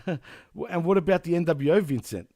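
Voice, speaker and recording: A man's voice: on the high side, brisk, mellow, no room sound, studio quality. A man co-hosting a podcast, trading jokes in casual chat and laughing often. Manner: joking banter, laughs often. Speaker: podcast co-host.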